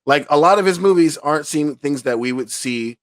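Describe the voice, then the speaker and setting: Man, podcast co-host, lively pitch, dry close sound. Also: fairly quick, no echo. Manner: animated, rambling, laughs often. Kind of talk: casual chat.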